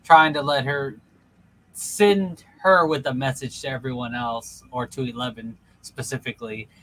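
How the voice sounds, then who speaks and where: A man's voice: mid-range voice, fairly even intonation, normal speed, a bit bright, low-quality recording. A young man co-hosting a casual chat, rambling with many fillers and restarts. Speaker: podcast co-host.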